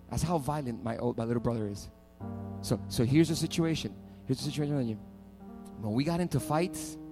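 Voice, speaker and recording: A pastor with a mid-range voice delivers a sermon, telling stories with animated energy. He builds up to loud, fervent preaching.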